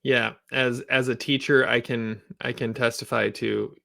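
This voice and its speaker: A man's voice: mid-range voice, fairly even intonation, a little slow, vocal fry, bright, forceful tone. A man co-hosting a casual TV review podcast, a teacher who rambles and laughs a lot. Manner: rambling, chatty, laughs often.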